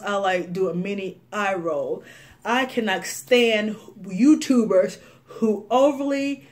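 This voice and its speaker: Young woman, beauty vlogger, casual rant, animated, laughs a lot, mid-pitched voice. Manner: animated, laughs often, many fillers.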